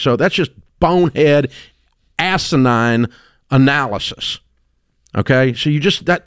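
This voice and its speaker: A middle-aged man hosting a radio call-in show, talking bluntly and emphatically, often climbing to loud exclamations. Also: a little high, dry recording, clean studio sound. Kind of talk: opinionated radio talk. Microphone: studio microphone.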